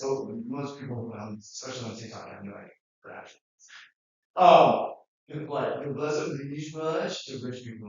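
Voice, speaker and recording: A man giving a casual, animated classroom lecture, acting out quotes as he goes. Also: on the high side. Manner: conversational, animated, acts out quotes. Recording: echoey, distant, dull recording.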